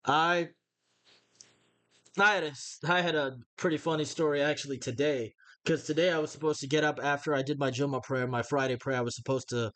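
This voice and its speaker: A man's voice: on the high side, fairly even intonation, brisk, a bit bright. A man co-hosting a casual podcast, telling a laid-back story with frequent stammered restarts. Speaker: podcast co-host. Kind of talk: casual chat.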